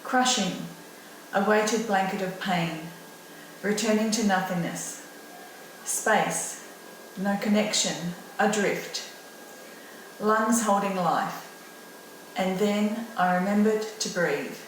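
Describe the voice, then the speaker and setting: Slow Australian woman in an echoey room. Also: medium pitch, far from the mic, a little hiss or hum. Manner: slow, deliberate, calm reading. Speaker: poet. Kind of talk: reading her own poem aloud. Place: at home.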